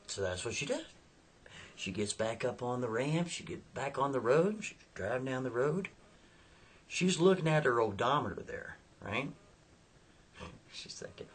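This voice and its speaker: A man spins a casual story in a husky, breathy voice, folksy and chatty, forever nudging the listener with asides. His pitch sits in an everyday middle range. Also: expressive, a little slow, fairly bright tone.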